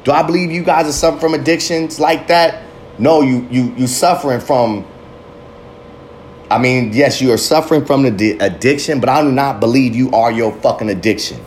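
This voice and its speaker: A man of middle pitch delivers a swearing, passionate pep talk on recovery, full of tangents and blunt confessions. A faint hiss of background noise sits behind his voice. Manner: fiery, swearing, rambling with tangents. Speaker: recovery motivational speaker. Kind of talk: profane motivational monologue.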